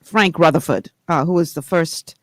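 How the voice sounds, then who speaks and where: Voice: mid-range voice, moderate pace, dry recording. A speaker from the Bahamas, giving earnest, reflective open-line commentary on talk radio. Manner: earnest and reflective, praising warmly.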